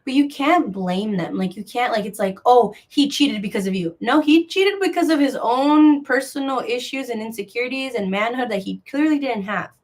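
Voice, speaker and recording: A woman's voice: fairly high pitch, normal speed, few pauses. A young woman hosting a crochet live sale, chatting casually in a rambling, gossipy way full of filler words. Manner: rambling, filler-heavy, with many likes; gossipy and frank. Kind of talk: casual live-stream chat.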